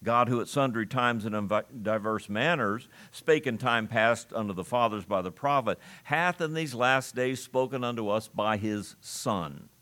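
A man preaching an expository sermon at an ordinary middle pitch. He talks emphatically and slows down hard on the words he wants to land. When he reads scripture, he uses its old-fashioned wording. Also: a bit bright. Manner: emphatic, slows down to stress key phrases.

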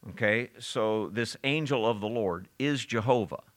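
A man leads a Bible study, moving verse by verse and reasoning aloud. His voice is fairly low yet bright and forward, and he talks conversationally, restarting phrases and quizzing the listeners. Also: a little slow. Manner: conversational, with frequent restarts and audience questions. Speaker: Bible teacher.

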